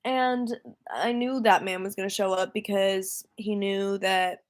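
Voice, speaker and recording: A woman's voice: mid-range voice, steady tone, measured pace. A young woman singer-songwriter chatting casually on a livestream, rambling and easily distracted, laughing often.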